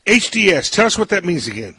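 A man hosting a radio interview, talking in a folksy, roundabout way and repeating words as he goes. His voice is bright and pitched a little high, with a husky edge. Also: very animated, fast talker, no echo. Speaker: radio host.

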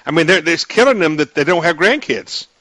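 A man's voice: on the high side, lively intonation, fairly quick, pushed and bright, dry recording, poor audio. A man hosting a radio talk show, chatty and folksy, laughing easily with his guest.

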